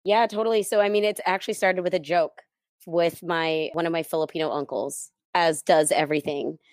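Female guest with a deep voice, candid storyteller, easygoing, dry close recording. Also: fairly even intonation, a little fast, dry recording. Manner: candid and easygoing, laughs lightly. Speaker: interview guest, event planner. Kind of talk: personal storytelling in an interview.

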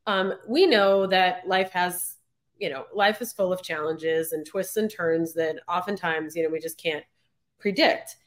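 A woman's voice: fairly low pitch, a little slow. Friendly woman podcast host. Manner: friendly, encouraging, laughs along. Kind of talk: interview questions.

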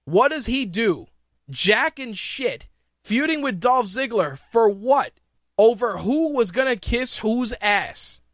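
A man's voice: extremely high pitch, animated, slow, a bit bright, no echo, clean studio sound. A man hosting a podcast, ranting profanely and sarcastically in opinionated wrestling talk. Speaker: podcast host.

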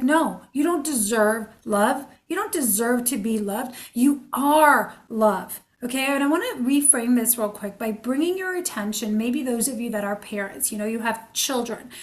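Earnest woman coach, higher voice. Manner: earnest, emphatic, repeats phrases for effect. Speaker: relationship coach. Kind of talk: motivational talk.

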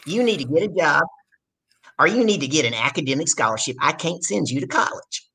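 A stern older Southern father, voiced by a woman retelling a story. He is blunt and firm, with a Southern US accent. The voice has a gravelly, husky grain. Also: low voice, expressive, fairly quick, fairly bright tone, full character voice.

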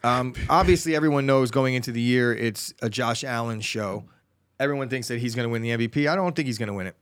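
Young man, mid pitch, relaxed, reads betting odds, confident opinions, casual sports chat. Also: fast talker. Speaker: podcast co-host.

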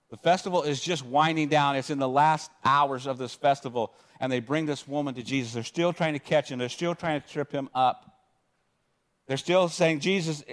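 A man preaching a sermon in an easygoing, conversational way, often restarting phrases and reading scripture passages aloud. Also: a little high. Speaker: pastor.

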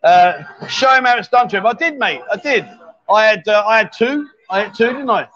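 A man's voice: high-pitched, lively intonation, brisk, pushed and bright. A man hosting a casual livestream from a bar, teasing his guests with jokey banter. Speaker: livestream host. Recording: dull lo-fi livestream audio.

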